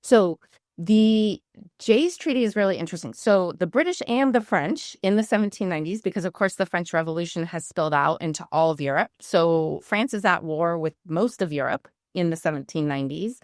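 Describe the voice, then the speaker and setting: A woman, a history professor, answering interview questions in a lively, explanatory way. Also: lowish voice, fairly quick, no echo, clean studio sound.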